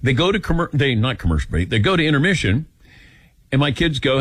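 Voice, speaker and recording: An older man hosting a call-in radio show, taking callers and telling personal stories with lively acted-out quotes. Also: medium pitch, fairly quick, husky, no echo. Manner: animated storytelling, acts out quotes. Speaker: radio talk show host.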